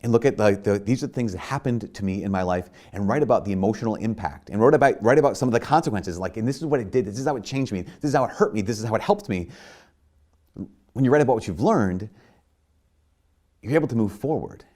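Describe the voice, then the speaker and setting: Low-voiced conversational priest preaching. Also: male voice, expressive, fast talker, a little mellow. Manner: conversational, frequent "like" and restarts; rises to emphatic bursts. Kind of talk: sermon.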